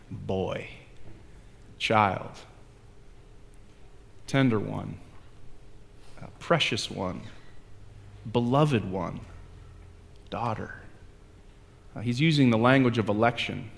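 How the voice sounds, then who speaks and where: A man's voice: on the low side, extremely slow, creaky, long pauses, long reverb tail. A male pastor preaching a sermon in a conversational, self-deprecating way that builds into emphatic repetition.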